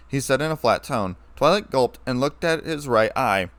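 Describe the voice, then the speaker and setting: A man narrating a fan fiction story in a steady, plain way. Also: mid-range voice, normal speed.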